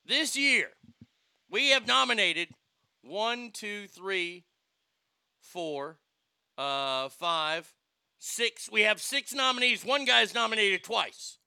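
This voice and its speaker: A man with a high, gravelly, very bright voice chats casually about films as a podcast co-host. He jokes loosely and swears freely, in a dry, close-miked sound. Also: big pitch swings, slow, pauses often, no room sound. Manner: loose, joking, profane. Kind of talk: casual movie banter.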